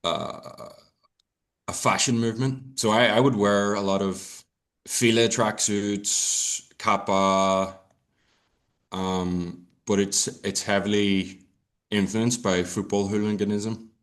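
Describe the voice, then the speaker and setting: A young Irish man talks loosely on a podcast, rambling through his points with plenty of swearing and restarts. His voice sits on the low side. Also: fairly even intonation, takes it slowly. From Ireland. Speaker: podcast guest. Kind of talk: casual chat.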